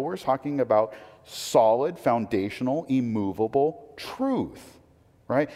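A man's voice: medium pitch, darkish tone. Man preaching in a reverberant hall. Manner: conversational preaching with rhetorical questions. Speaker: pastor. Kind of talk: sermon.

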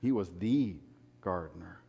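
A man preaching a sermon in a lively, conversational way. He swings between loud, emphatic peaks and hushed, low asides, and often repeats words. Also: unhurried, vocal fry, breathy edge, highs cut off. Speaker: pastor. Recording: long hall reverb.

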